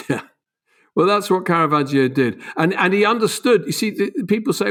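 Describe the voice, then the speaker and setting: Male guest author, fairly high voice, animated and emphatic explainer. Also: fairly quick. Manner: animated, emphatic, voice leaps up on key points. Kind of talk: conversational explanation.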